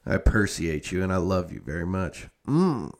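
Deep-voiced and very animated, a young adult podcast host talks at a moderate pace in loose, casual chat. His talk rambles, is thick with profanity, and is full of fillers and self-corrections.

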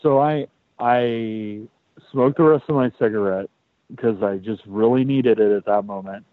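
Male podcast host, casual animated storyteller, dry tinny phone-like sound. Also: fairly low pitch, unhurried, no room sound. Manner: animated, repeats words, swears.

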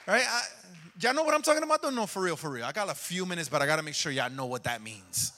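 High, bright-voiced man preaching in a reverberant hall. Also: sing-song, fast. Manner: conversational preaching, asks for amens. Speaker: pastor giving a testimony. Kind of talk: sermon testimony. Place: church sanctuary.

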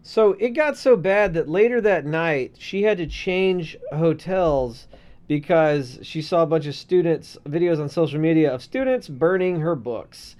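Guy cohosting a podcast, kinda high voice, sarcastic, swears a lot, reads the news off his screen. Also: animated, unhurried, darkish tone. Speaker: podcast co-host. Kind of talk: casual podcast chat.

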